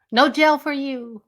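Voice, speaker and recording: A woman's voice: a little high, creaky, warm tone. A woman doing an impression of a stern male soup vendor, barking clipped refusals in a put-on accent.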